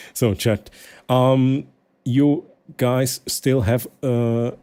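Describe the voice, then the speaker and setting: Chatting casually in English with his stream viewers, this native Swiss German speaker from Aargau has a Swiss German accent and frequently stops and starts over as he hunts for words. His mid-range voice is steady, warm and clean, with no room sound.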